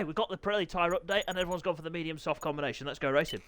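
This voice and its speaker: A man hosting and commentating a sim racing league, chatty and jokey, teasing the riders and clearing his throat often. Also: fairly high pitch, lively intonation, a little fast, noisy background. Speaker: race commentator and league host.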